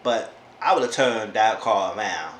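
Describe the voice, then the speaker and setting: A man casually recapping a reality show episode in an animated way, often talking back to the people on it. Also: lowish voice, a little slow. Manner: animated, talks back to the characters. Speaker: YouTube reality-TV reviewer. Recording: roomy echo, faint background noise.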